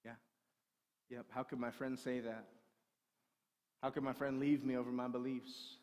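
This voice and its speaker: Preaching pastor in a reverberant church. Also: male voice, medium pitch, level tone, normal speed. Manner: preaching with big swings between shouting and quiet storytelling. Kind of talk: sermon. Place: church sanctuary. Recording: long hall reverb.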